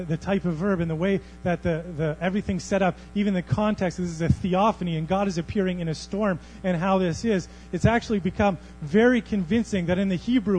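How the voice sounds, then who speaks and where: A man preaching a sermon as pastor, swinging from hushed, almost whispered passages to loud, thundering ones. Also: high-pitched, slightly rough, poor audio. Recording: faint mains hum.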